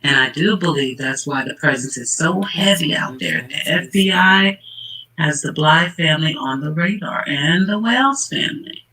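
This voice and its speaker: A man's voice: a little high, animated, moderate pace, sharp tone, poor audio. A man hosting casual true-crime commentary, worked up and emphatic, calling out the people in the case directly. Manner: worked-up, emphatic, talks straight to the people involved. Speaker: channel host.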